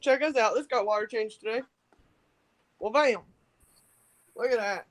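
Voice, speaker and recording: A woman on a group video call, chatting casually and excitedly about her fish tanks. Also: on the high side, measured pace, very noisy. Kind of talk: casual chat.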